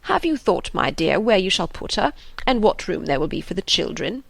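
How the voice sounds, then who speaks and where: A woman voicing a fretful, anxious elderly father in an audiobook, slow and sighing. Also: lowish voice, very animated, creaky, no room sound, exaggerated voice.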